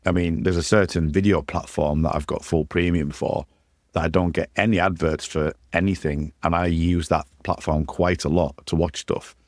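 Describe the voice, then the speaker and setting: A man's voice: low-pitched, steady tone, moderate pace, darkish tone, no echo, clean studio sound. A man hosting a podcast, chatty and easily amused, musing aloud on the topic. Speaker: podcast host. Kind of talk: casual podcast chat.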